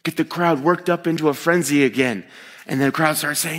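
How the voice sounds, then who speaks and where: A man's voice: on the high side, normal speed, fairly bright tone. A man preaching a sermon in a conversational way, retelling scripture with everyday voices for the people in it. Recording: long echo of a large hall.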